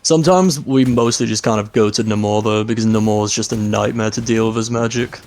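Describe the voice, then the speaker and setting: A man's voice: lowish voice, fairly even intonation, brisk, a little mellow. A man being coached on his gameplay, talking casually and agreeably with lots of filler words. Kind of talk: casual chat.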